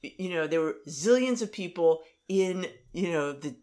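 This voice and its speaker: A woman's voice: on the low side, lively intonation, moderate pace, a little mellow. A middle-aged woman in casual conversation, rambling with many fillers and restarts.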